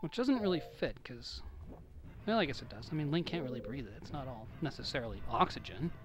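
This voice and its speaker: A young man rambles through casual game commentary, tossing off jokes and digs at himself. His voice sits at an ordinary middle pitch. Video game music plays clearly underneath. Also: expressive, fairly quick. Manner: rambling, joking, self-deprecating. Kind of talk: casual let's-play commentary.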